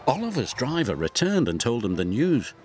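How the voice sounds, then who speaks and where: A man giving scripted storybook narration for a cartoon, expressive and gently paced. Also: mid-range voice, moderate pace. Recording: music score behind.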